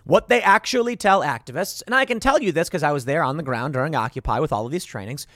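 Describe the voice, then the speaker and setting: Guy from chicago reacting to clips, sarcastic and fired up, kinda high voice, dry sound. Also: lively intonation, quick pace, a bit bright, dry recording. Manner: sarcastic, indignant commentary. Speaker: political commentary host.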